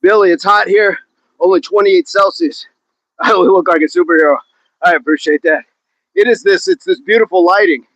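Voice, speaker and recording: Outdoors, a man hosts a live workout stream, counting reps aloud, laughing often and joking with the chat. His voice is high, expressive and a bit bright at normal speed, and the recording is muffled but has no echo.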